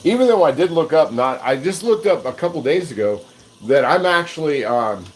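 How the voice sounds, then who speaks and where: Chatting casually while cooking on a livestream, this American host is self-deprecating and chuckles often as he rambles. His voice is a little high and animated at a moderate pace. The recording is rough, with slight background noise.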